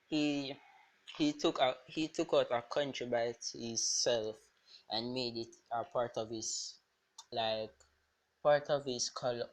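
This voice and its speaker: A man improvising a fan-fiction story aloud, rambling with many restarts and fillers. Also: medium pitch.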